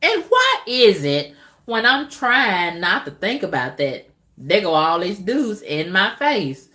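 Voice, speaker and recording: A middle-aged woman vlogging in a candid, casual monologue to her viewers, drawling with loud whoops and exclamations. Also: mid-range voice, very animated, slow pace.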